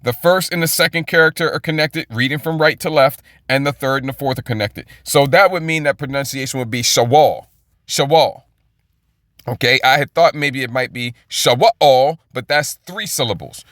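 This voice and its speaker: A man's voice: mid-range voice, a little fast, few pauses, pushed and bright, dry recording, studio quality. A man teaching the Bible in an informal, rambling way, repeating words and checking in with "okay?" often. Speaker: preacher.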